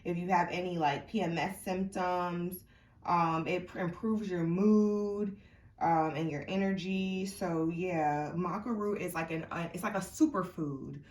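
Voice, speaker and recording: Young woman, tarot reader, low and a bit stuffy-nosed, rambling casual delivery, off-mic in a roomy space. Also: steady tone, unhurried, a little mellow, far from the mic. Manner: chatty and rambling, many fillers and restarts. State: congested sinuses. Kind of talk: casual tarot reading to camera. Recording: echoey room, mic set back.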